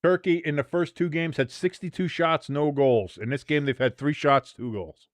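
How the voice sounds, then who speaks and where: A man hosting a live match watch-along, commenting casually, swearing freely and leaping from low mutters to shouts. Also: moderate pace, dry recording. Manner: excitable, profane, jumps from mumbling to shouting.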